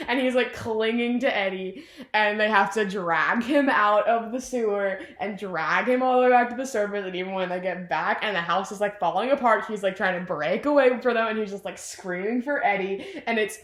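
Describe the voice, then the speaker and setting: A young woman tells a friend a film's plot in a loose, rambling way, peppering every sentence with "like" and acting out the quotes. Her pitch sits in the middle range. The sound bounces around an echoey room. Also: fairly quick. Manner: rambling, animated, heavy use of "like", acts out quotes. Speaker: vlogger retelling a film plot. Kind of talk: casual chat.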